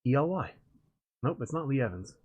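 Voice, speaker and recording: A man's voice: medium pitch, big pitch swings, a little fast, darkish tone, slightly rough, no echo. Chatty man streaming, dry sound. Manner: rambling, chatty, laughs often. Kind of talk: casual chat while gaming.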